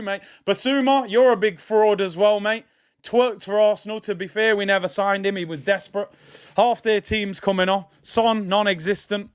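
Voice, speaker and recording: Excitable high-voiced football watch-along host. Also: male voice, normal speed, smooth. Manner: excitable, shouts at big moments, taunts opponents.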